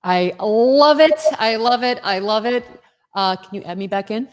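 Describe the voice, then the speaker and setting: A woman's voice: medium pitch, steady tone, moderate pace. A woman hosting an online webinar, enthusiastic and chatty, telling a story to introduce her guest. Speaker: webinar host.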